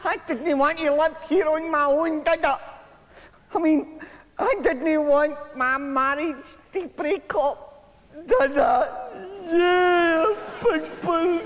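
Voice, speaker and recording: A man's voice: very high-pitched, slow pace, noisy background. An actor with a Glaswegian Scottish accent playing a defensive, self-pitying separated man in a live stage sitcom. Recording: reverberant live theatre stage.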